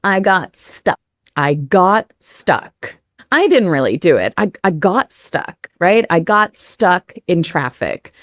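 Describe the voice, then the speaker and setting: An American woman co-hosting an English lesson, chatty and lively, laughing often and repeating phrases for emphasis. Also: fairly low pitch, takes it slowly, no room sound, studio quality. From United States. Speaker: English teacher co-host. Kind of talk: casual teaching chat.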